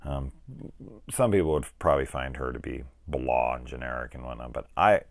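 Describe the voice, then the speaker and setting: A man's voice: very deep voice, normal speed, creaky, slight background noise. A man hosting a film review channel, talking casually in a rambling, profane way and acting out scenes as he retells them.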